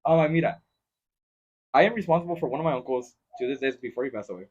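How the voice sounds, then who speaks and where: Fast-talking bilingual podcast host, lo-fi. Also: male voice, mid-range voice, husky. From Mexico-Texas border region. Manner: switches between English and Spanish, animated storytelling. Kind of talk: casual chat. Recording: lo-fi podcast recording.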